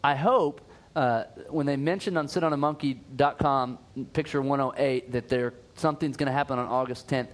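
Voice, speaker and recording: A man's voice: medium pitch, steady tone, a little fast. A man co-hosting a casual comedic podcast, rambling and jokey, over-explaining small details. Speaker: podcast co-host.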